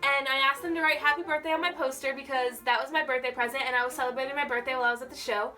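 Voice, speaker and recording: A young woman vlogger telling a story in a gushing, excitable way, full of "like". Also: sits high, racing, far from the mic, soft background music. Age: young adult. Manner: gushing, excitable, heavy use of "like". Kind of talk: casual storytelling.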